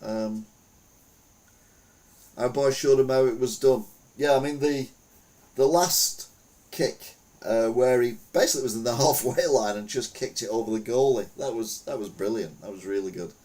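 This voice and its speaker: A man's voice: medium pitch, moderate pace, dark tone. A man hosting a podcast, chatting casually through the news with rambling, wry, self-mocking jokes. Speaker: podcast host.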